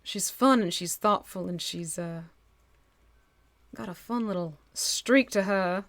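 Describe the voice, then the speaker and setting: Her voice sits at medium pitch and moves slowly, in a dry recording. She's a chatty woman from northwestern New Jersey with a local accent, casually demonstrating miniature painting live, laughing readily and thinking out loud as she paints.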